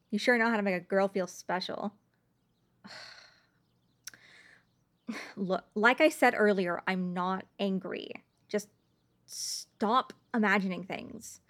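A woman voicing a sarcastic, irritable young woman in an audio role-play, curt and full of swearing. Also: on the high side.

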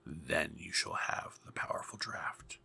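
A man voicing a scheming old female sea witch in a hoarse, menacing whisper. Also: a bass voice, a little slow, sharp tone, exaggerated voice. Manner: sly, menacing.

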